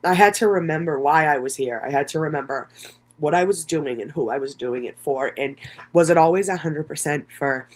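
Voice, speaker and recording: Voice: medium pitch, fairly quick. A content creator talking through an emotional, rambling livestream monologue, swearing heavily and circling back on thoughts. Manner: many fillers and restarts.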